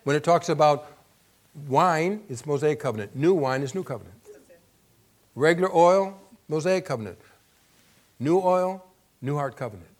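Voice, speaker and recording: A man's voice: on the high side, expressive, moderate pace, pauses often. A man preaching a sermon in a conversational way, asking the audience questions and rising to emphasis when he reads scripture.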